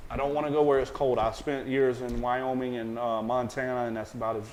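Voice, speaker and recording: A man with a Southern American accent, a private chef chatting in an interview, animated and rambling, joking and swearing casually. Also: medium pitch, brisk, slight background noise, rough recording.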